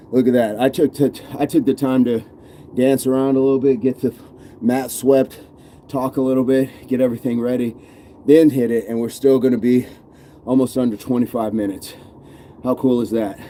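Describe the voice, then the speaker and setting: A man's voice: mid-range voice, dark tone, slight background noise. A man coaching a live-streamed workout, counting reps aloud and encouraging viewers while chatting with the live chat. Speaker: fitness coach.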